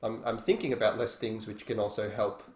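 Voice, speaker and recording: A man's voice: fairly low pitch, steady tone, fairly quick, a little mellow. A man teaching guitar in an online workshop, explaining casually and thinking aloud between demonstrations. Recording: roomy echo with faint guitar.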